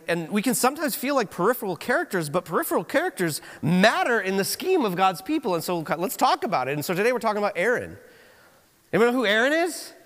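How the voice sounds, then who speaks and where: A man preaching a sermon in a church, telling stories in an animated way with frequent restarts. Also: high voice, big-room sound. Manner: animated storytelling, halting restarts. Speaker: pastor. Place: church auditorium.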